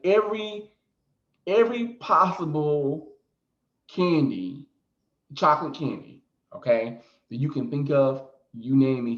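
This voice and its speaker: A man hosting a storytime vlog as a psychic reader, animated, often laughing and adding "okay?" asides. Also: on the high side. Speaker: psychic reader and video host. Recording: echoey room, slightly dull sound.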